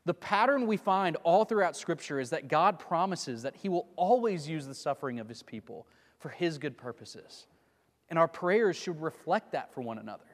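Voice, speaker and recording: A man preaching a sermon in a conversational way, often asking his listeners rhetorical questions. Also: fairly high pitch. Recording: long reverb of a large hall.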